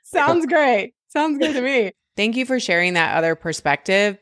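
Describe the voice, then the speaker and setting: A woman's voice: lowish voice, a bit bright, smooth, dry recording, studio quality. A woman hosting a podcast as a business coach, talking in an upbeat, encouraging way with emphatic bursts. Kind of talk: casual conversational coaching chat.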